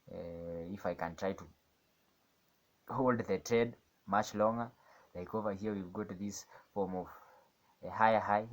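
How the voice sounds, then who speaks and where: A man with a fairly low voice thinks aloud about a trade he is watching. He rambles, repeats himself and doubts his calls. He switches between steady explanation and sudden excited outbursts. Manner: rambling, self-questioning, swings between calm analysis and excited outbursts. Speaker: day trader narrating his screen. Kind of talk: casual live commentary.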